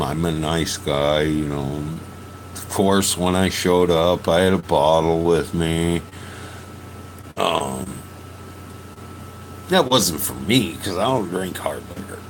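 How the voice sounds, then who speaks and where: Slow, halting man in his fifties. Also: sits low, slight background noise, poor audio. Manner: profane, halting, with frequent restarts. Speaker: podcast host. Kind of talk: emotional personal storytelling.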